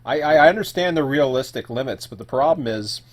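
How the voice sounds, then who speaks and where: A man's voice: medium pitch, lively intonation, a little fast. A man casually talking through a solo live stream, thinking aloud with fillers and self-corrections, sometimes while eating.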